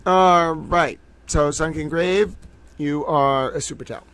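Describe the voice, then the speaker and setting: A man's voice: a little high, a little slow, fairly bright tone, clean tone. A man hosting a casual trivia livestream, playful and gushing as he chats with viewers. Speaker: livestream host.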